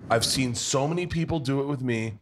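Dude hosting a podcast at a pub, loud profane storyteller, just chatting. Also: male voice, mid-range voice, fairly quick, slight background noise. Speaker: podcast host. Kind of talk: casual chat.

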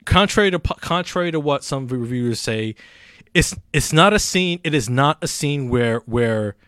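A man in a casual movie-review chat, rambling and full of restarts and fillers. His pitch sits in the middle range. The sound is dry and close. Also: animated, normal speed, a bit bright, clean tone, no echo.

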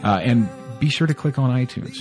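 A man's voice: mid-range voice, brisk, music in the background. A man hosting a podcast, talking casually in an enthusiastic, rambling way and often correcting himself. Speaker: podcast host.

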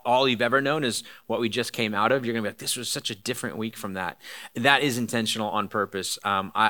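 Bright-voiced man preaching casually. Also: mid-range voice. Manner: rambling, many fillers and restarts, jokey asides. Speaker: pastor. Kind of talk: casual conversational sermon.

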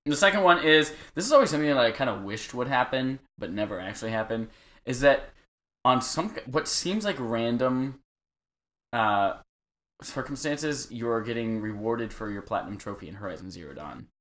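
A man's voice: medium pitch, expressive, normal speed, fairly bright tone. A man co-hosting a podcast, casually running through gaming news with profanity and easy banter. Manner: profane, laughing, reads out news items. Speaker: podcast co-host.

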